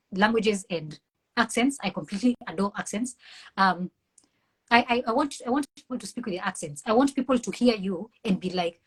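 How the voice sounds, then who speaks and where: This interview guest, a Kenyan-accented mental health professional, has a medium-pitched, slightly rough voice. She speaks earnestly and with passion, in a preachy way, over poor-quality audio in a conversational setting.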